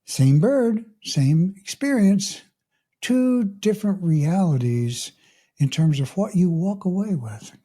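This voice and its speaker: A middle-aged man, a mindfulness coach hosting a podcast, telling a story in a calm, unhurried way and often clearing his throat. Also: sits high. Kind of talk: reflective podcast monologue with a story.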